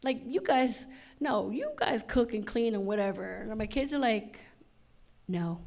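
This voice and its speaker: A woman's voice: a little high, expressive, normal speed, vocal fry, a little mellow. A middle-aged woman performing a stand-up comedy set, chatty and punchy, acting out lots of quoted lines. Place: on stage at a comedy show.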